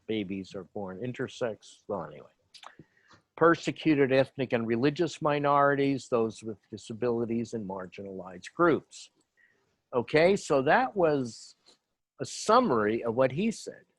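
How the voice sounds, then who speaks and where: A man's voice: medium pitch, lively intonation, a little slow, no echo. A man speaking on an online panel about human rights, giving an informal lecture full of fillers, asides and restarts. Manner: rambling, many fillers and asides.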